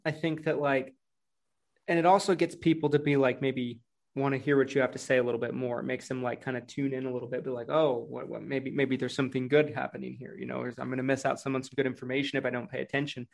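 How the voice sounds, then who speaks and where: A man's voice: medium pitch, fairly even intonation, fast talker, vocal fry. A salesman appearing as a podcast guest, talking casually and filling his speech with many "like"s. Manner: chatty, uses many filler "like"s. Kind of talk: casual conversational podcast chat.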